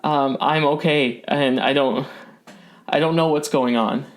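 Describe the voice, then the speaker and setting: A tearful young half-elf shopkeeper woman hiding from danger, her voice lifted high and anxious, as a man puts her on. She pleads to be left alone and frets about her family in a tabletop game. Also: steady tone, unhurried, close to an everyday voice.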